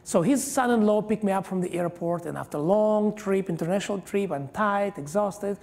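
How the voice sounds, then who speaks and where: Gravelly preaching man in echoing church. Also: sits high, darkish tone. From Israel. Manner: emphatic preaching, frequent hallelujahs, halting non-native phrasing. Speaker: guest pastor. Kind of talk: sermon. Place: church hall. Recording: long reverb of a large church hall.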